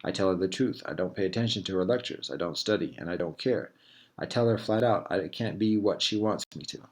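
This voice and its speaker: A man reads his own first-person fiction aloud in a very deep voice. He takes it slowly and reflectively, with soft pauses between phrases. It sounds like an author sharing his work. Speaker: author reading his story. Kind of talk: literary first-person reading.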